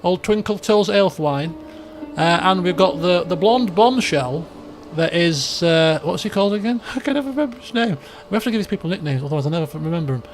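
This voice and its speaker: Over faint background music, a high-pitched, animated man talks fairly quickly with hardly any pauses. He's narrating a casual let's-play roleplay, alternating between story text and offhand chatter, rambling and frequently restarting sentences.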